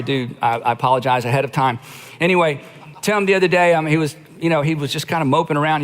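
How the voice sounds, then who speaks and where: A middle-aged man with a fairly high voice delivers a sermon as a pastor, talking to the congregation in a relaxed, conversational way. He stretches out key phrases and acts out quotations with slow emphasis. His voice carries the long reverb of a large auditorium.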